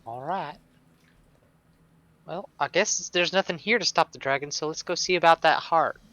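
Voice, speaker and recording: A man's voice: on the high side, moderate pace, bright, forceful tone, lo-fi sound. A man playing a tabletop game, speaking in a matter-of-fact way. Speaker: player. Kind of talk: casual tabletop game play.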